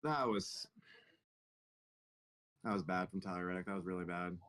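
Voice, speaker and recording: A man's voice: low-pitched, normal speed, fairly bright tone. A man hosting a casual race watch party from home, joking and swearing freely as he reacts to the race. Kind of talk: casual chat over a live race.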